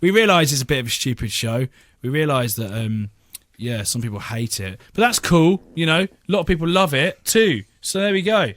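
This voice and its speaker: A man's voice: a little high, big pitch swings, moderate pace, fairly bright tone, no room sound. An English man hosting a comedy radio show, joking and mocking himself and laughing often. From England. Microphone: studio microphone.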